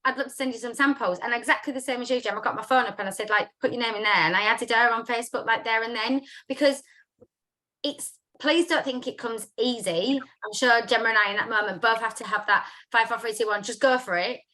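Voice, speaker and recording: Bright, chatty woman host. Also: a little high, steady tone, brisk. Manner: chatty, upbeat, lots of "like" fillers. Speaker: host of a business chat. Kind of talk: casual live video chat.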